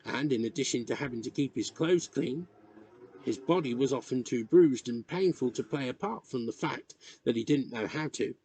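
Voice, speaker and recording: A man reading a novel chapter aloud in measured, expressive narration. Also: medium pitch, breathy edge. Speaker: reader. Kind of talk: audiobook narration.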